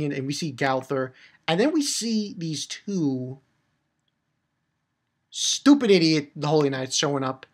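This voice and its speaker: A woman giving an excited, rambling recap of a manga chapter, swearing freely and restarting her sentences. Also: sits low, moderate pace, pauses often. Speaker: manga reviewer.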